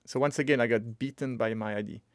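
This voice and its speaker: A man's voice: medium pitch, fast, no room sound. Chatty man live-coding, dry close sound. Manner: chatty, excitable, thinks aloud with many restarts. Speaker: streamer teaching web development. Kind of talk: casual live coding stream.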